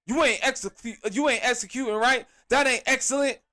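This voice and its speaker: A man hosting a podcast, reviewing a wrestling show in an animated, exasperated rant full of slang. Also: very high voice, a little fast. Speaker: podcast host.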